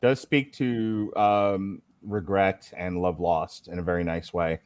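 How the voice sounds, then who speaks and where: A man's voice: low voice, steady tone, takes it slowly, no echo, clean studio sound. A man hosting a podcast, reading a plot recap aloud and breaking off with wry, sarcastic asides. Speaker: podcast host.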